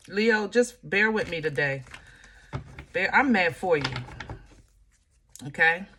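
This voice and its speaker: A tarot reader gives a casual reading, addressing viewers directly with emotion and frustration, drawling through many fillers and restarts. Her voice is fairly low with lively intonation, and she talks slowly with long pauses over background noise.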